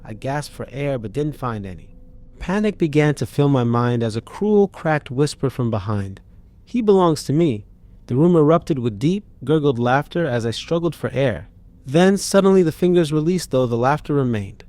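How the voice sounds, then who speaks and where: A man's voice: mid-range voice, expressive, moderate pace, mellow, no echo. A man narrating a first-person horror story in a tense, dramatic reading.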